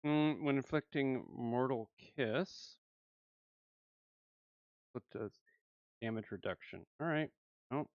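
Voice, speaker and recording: A man hosting a gaming channel, commentating his summon pulls with animated swings between hype and letdown. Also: medium pitch, smooth, no echo, muffled recording. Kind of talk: excited gacha pull commentary.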